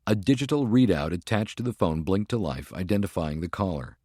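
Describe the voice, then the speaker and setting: A man giving a measured, deliberate scripted narration of an audiobook. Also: low voice, expressive, warm tone, dry recording, studio quality.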